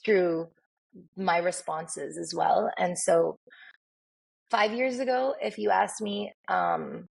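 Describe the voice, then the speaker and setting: A woman speaks as a guest in a casual interview, telling stories with animation. Her voice sits a little low and is gravelly and husky. She often slips into the voices of people she quotes. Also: slow. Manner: animated, acts out quoted dialogue. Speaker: podcast guest, makeup artist.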